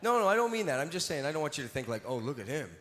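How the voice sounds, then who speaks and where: A man's voice: fairly high pitch, very animated, rapid-fire, fairly bright tone. A male singer joking with his audience from the stage, teasing and mock-scolding them in a playful way. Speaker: singer performing live. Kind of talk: stage banter with a concert audience. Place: large concert venue with seated tiers. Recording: live concert hall reverb with music.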